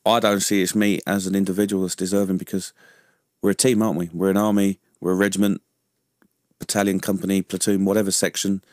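A man's voice: sits low, level tone, fast talker, a little mellow, no echo, studio quality. A man, a veteran guest in a radio interview, who talks chattily, laughs often and keeps asking "you know what I mean?". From London. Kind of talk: casual interview chat. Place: radio studio.

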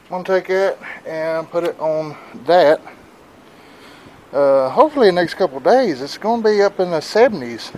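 A man's voice: on the high side, animated, normal speed, darkish tone, slight background noise, poor audio. A man talking casually to viewers on a phone camera outdoors in his yard, folksy and rambling, a bit out of breath. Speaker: vlogger. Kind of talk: casual vlog narration.

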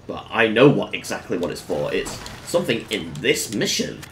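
A man giving casual let's-play commentary on a game, breaking into excited exclamations. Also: on the low side, moderate pace. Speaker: gameplay commentator.

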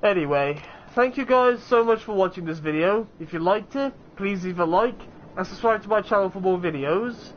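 High-voiced young man chatting over gameplay. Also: normal speed, muffled recording, a little hiss or hum. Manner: chatty, rambling, with frequent restarts and fillers. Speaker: let's play gamer. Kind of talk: casual gameplay commentary.

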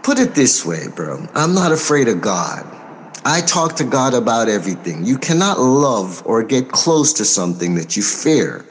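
An American man talks through an interview as a record producer. He is measured and unhurried, pausing often with soft fillers, yet stays forthright and outspoken. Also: medium pitch, big pitch swings, slight background noise. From United States. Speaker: record producer and label owner. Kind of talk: interview answers.

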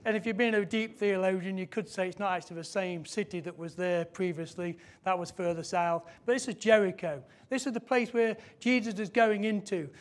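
A man preaching a sermon in church, emphatic, repeating key phrases and slowing down for emphasis. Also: sits high.

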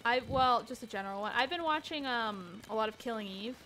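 A woman's voice: fairly high pitch, brisk, fairly bright tone, slight background noise, low-quality recording. A woman from New York chatting and reading donations on a gaming stream, giggling and swearing freely. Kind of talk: casual chat while gaming.

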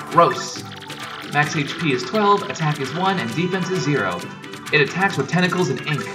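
A man's voice: a little high, pitched above the performer's own voice, lightly acted. A man voicing a peppy, squeamish young female mushroom creature from a video game. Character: chirpy know-it-all young female Goomba. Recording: distant mic with loud game music.

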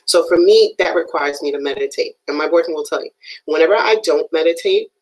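Husky-voiced woman giving an animated motivational talk. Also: low voice, brisk, low-quality recording. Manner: emphatic, animated, keeps checking in with "right?". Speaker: motivational speaker. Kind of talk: live-streamed motivational talk.

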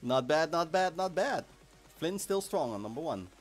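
A man hosting a live game stream in a casual, chatty way. His voice sits a little high and swings widely in pitch as he gets excited. Faint music plays behind him. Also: moderate pace. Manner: lively, chatty, excitable with bursts of shouting. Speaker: livestream host of an online game event.

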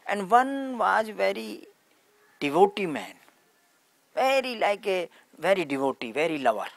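Slow-telling spiritual teacher, simple English. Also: male voice, high voice, big pitch swings, vocal fry, dry recording. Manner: slow, simple broken English with many repetitions. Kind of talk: satsang storytelling.

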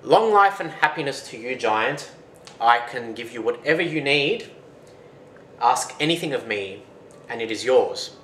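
A man's voice: lively intonation, normal speed, fairly bright tone, close to an everyday voice. Brave young quester, earnest and eager, as a male narrator does him; roomy, faint hiss. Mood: calm. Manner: earnest, raised pitch.

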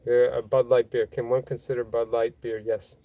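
A man's voice: medium pitch, flat delivery, normal speed, dark tone, dry recording. A man chatting casually on a phone livestream from a boatyard, reading viewer comments in a rambling, self-deprecating way with frequent chuckles. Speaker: vlogger hosting a livestream. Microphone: phone held in hand.

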